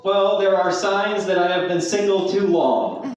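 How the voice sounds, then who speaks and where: A man rehearsing stand-up jokes out loud, restarting lines and laughing at his own punchlines. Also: high-pitched, steady tone, unhurried. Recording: very echoey room, mic far off.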